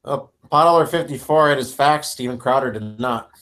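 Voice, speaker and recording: A man joining a livestream chat as a guest, voice at an ordinary middle pitch. He makes short, offhand remarks and gives blunt opinions in a loose, casual way. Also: brisk, a bit bright.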